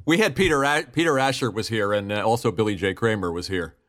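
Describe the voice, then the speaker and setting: A man's voice: on the low side, fast talker, a bit bright. A male co-host making brief interjections and asking prompting questions in casual chat. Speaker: talk show co-host.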